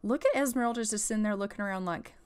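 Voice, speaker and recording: A woman's voice: mid-range voice, rapid-fire, clear, resonant tone. A woman hosting a gaming channel, giving casual gameplay commentary with sassy, exasperated banter and swearing.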